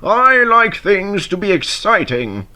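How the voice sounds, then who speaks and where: A man's voice: sits high, big pitch swings, takes it slowly, pushed and bright, pitched above the performer's own voice, full character voice. A man reading a storybook aloud, voicing a boastful, reckless young male steam engine in a scornful, bragging tone.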